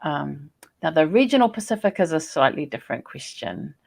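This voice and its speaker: A low, gravelly-voiced woman from New Zealand, a Māori scholar and poet, guests on a casual podcast conversation. She talks a little fast, telling stories in a chatty, animated way with laughs.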